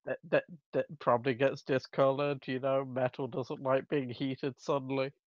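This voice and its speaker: A man's voice: medium pitch, level tone, normal speed, dry recording. A man describes his character's attack during a tabletop game, stumbling and restarting as he goes. The sound is a little dull and dry. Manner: hesitant, with many restarts. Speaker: player.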